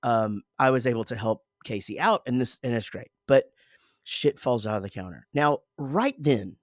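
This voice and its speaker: A man's voice: medium pitch, moderate pace, dry recording, clean studio sound. A man in his forties, co-hosting a casual podcast, telling a rambling, profane story about his morning with lots of self-interruptions. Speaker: podcast co-host, father.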